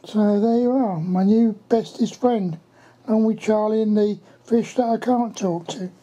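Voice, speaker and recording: A woman's voice: mid-range voice, fairly even intonation, a little slow, mellow. A woman filming at home, talking fondly to her pets in coaxing baby-talk. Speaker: home video maker. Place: at home indoors.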